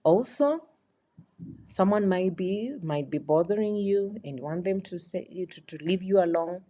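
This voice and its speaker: A woman's voice: fairly low pitch, animated, unhurried, dark tone. A woman teaching phrases in a beginner lesson, explaining patiently and repeating each example. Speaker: French teacher.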